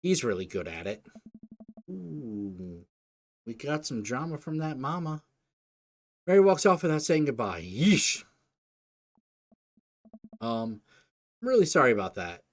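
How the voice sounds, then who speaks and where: A man's voice: a little high, very animated, slow, long pauses. A young man, a let's play host, reading a dating game aloud with joking, crude asides. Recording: faint game music behind.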